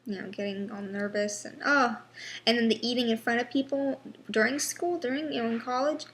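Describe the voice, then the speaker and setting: A young woman in a personal vlog, talking haltingly with many pauses and restarts, sounding frustrated and worn down. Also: fairly high pitch, steady tone, a bit bright. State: unwell. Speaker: vlogger.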